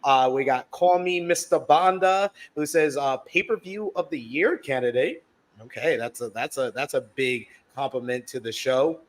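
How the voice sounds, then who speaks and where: A man's voice: medium pitch, moderate pace. A man hosting a casual live podcast, upbeat and chatty as he reads out the chat. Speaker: podcast host.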